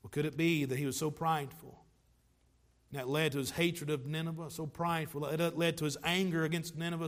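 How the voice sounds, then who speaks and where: A male pastor delivers a sermon in a church sanctuary. His voice sits high for a man, and he drives his points with repeated rhetorical questions. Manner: emphatic preaching with rhetorical questions and repeated phrases.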